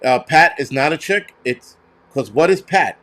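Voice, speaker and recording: A man's voice: on the high side, animated, normal speed, bright, forceful tone. A man hosting a show, ranting heatedly with lots of swearing and stumbling restarts. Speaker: host. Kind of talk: profane ranting commentary.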